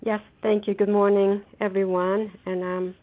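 A woman's voice: mid-range voice, level tone. Earnest middle-aged woman on a phone line. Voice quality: earnest, halting, many restarts. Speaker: meeting member sharing. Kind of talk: sharing at a twelve-step phone meeting. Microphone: telephone.

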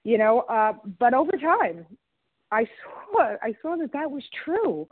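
A woman's voice: fairly high pitch, a little slow, slightly rough, no echo. A woman from Long Island, New York, sharing candidly at a recovery meeting and quoting family members. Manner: candid, animated, quotes others. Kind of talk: personal recovery share. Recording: tinny phone line.

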